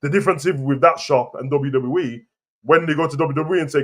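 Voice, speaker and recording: A man's voice: a little high, brisk. Heated man ranting about wrestling. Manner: heated, repetitive, argumentative. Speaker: wrestling commentary host. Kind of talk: casual opinion rant to camera.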